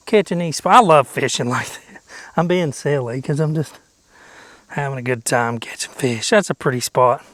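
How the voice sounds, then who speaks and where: A man's voice: a little high, normal speed, pauses often, a bit bright, dry recording. A man chatting casually while fishing from a boat outdoors, goofy and talkative, dropping into whispers now and then. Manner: goofy, chatty, drops into whispers and silly sing-song noises. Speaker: fishing vlogger.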